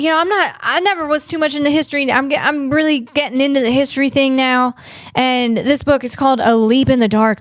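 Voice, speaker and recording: Woman comedian host, higher voice, rambling casual chat, dry close mic. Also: no room sound. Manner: rambling and digressive, lots of restarts.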